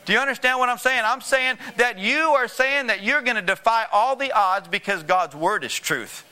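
A male preacher with a high, bright, ringing voice delivers a sermon. He drives points home by repeating phrases and keeps asking the room whether they are following. The delivery is emphatic and direct. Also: moderate pace. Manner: emphatic, repetitive, calls for congregation responses.

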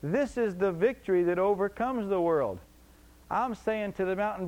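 A man's voice: sits high, normal speed, a little mellow, muffled recording. A man preaching a sermon emphatically, repeating his points and asking the congregation rhetorical questions.

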